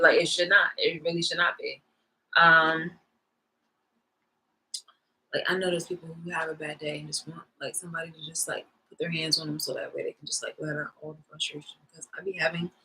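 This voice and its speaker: Young woman, vlogger, rambling storytime rant, bright forceful voice, slightly low pitch. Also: slight background noise, low-quality recording. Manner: rambling, animated, lots of fillers.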